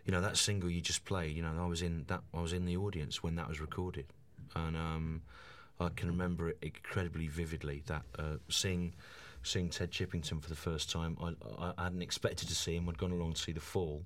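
A man in his forties, a stand-up comedian guesting on a radio chat, talking enthusiastically with halting restarts. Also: low voice, little pitch movement.

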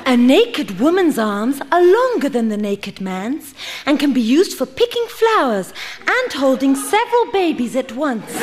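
A woman giving a prim, mock-educational scripted comic narration. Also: high voice. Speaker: sketch performer.

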